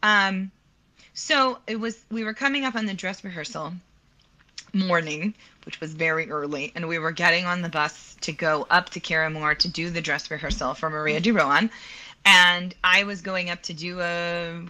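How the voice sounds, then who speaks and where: Woman opera singer in her thirties, lowish voice with a bright edge, animated interview storyteller. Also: normal speed. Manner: animated, laughs often, acts out quoted lines.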